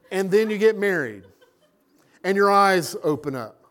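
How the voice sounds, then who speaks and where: A man preaching a sermon as a pastor, animated and acting out little scenes. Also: high-pitched, a little slow.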